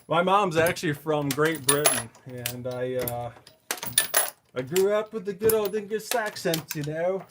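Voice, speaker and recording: A man's voice: a little high, lively intonation, unhurried, background noise. A man hosting a casual live stream from his reloading bench, chatting with viewers while he works with his hands.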